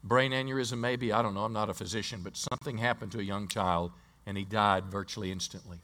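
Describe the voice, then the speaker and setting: A man's voice: on the low side, fairly even intonation, fast, bright, forceful tone. A male pastor preaching a sermon in a church, telling a story and quizzing the congregation, often restarting his words.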